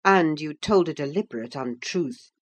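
A woman voicing a gentle, easily shocked young gentleman in an audiobook reading, speaking in a subdued, quiet way. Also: deep voice, animated, moderate pace. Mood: hurt.

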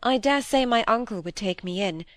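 A woman's voice: a little high, animated, normal speed, no echo, close to an everyday voice. A woman reading the part of a proud, troubled young woman who speaks heavily and resolutely. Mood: defiant. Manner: heavy, resolute.

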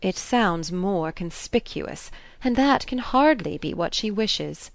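A woman's voice: medium pitch, lively intonation, takes it slowly, vocal fry, dry recording. A woman reading a novel aloud, voicing a prim older society matron who grumbles and disapproves. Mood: cool.

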